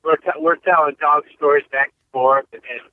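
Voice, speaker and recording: A man's voice: fairly high pitch, fairly even intonation, moderate pace, no room sound. A man from Ohio, a guest comedian, telling a story in a rambling, casual way with many fillers. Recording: tinny phone-like line.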